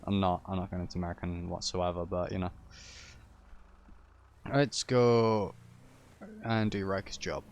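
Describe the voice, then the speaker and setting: Man, game streamer, casual live commentary, teasing, offhand swearing, lower voice. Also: little pitch movement, quick pace, few pauses, muffled recording, a little hiss or hum.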